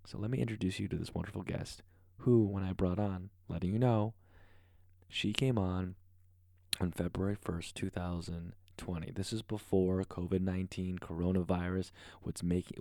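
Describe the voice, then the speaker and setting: A man hosting a podcast, talking fast and rambling through a playful off-the-cuff intro at home. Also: sits low, level tone, gravelly, mellow, no echo, studio quality. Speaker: podcast host. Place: converted garage at home. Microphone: podcast microphone.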